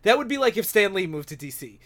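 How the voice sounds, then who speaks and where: A man's voice: high voice, big pitch swings, quick pace, fairly bright tone. A man on a podcast, casually giving background on a comics creator. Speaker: podcast co-host. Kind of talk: casual chat, giving backstory.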